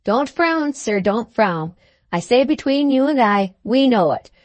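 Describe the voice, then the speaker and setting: Storybook role: woman playing a small, wheedling male attorney, pitched up. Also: expressive, unhurried, dry recording. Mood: coaxing. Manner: wheedling, keeps saying "my dear sir". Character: fussy little male attorney, ingratiating.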